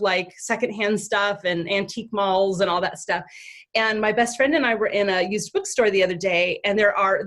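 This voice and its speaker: A woman being interviewed as a parenting expert, talking casually and telling stories with lively acted-out bits of dialogue. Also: mid-range voice. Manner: animated storyteller who acts out quoted dialogue; frequent fillers and restarts.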